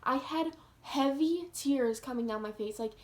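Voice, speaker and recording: High-voiced earnest young woman vlogger. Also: measured pace. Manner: earnest, heavy use of "like". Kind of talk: casual storytelling to camera.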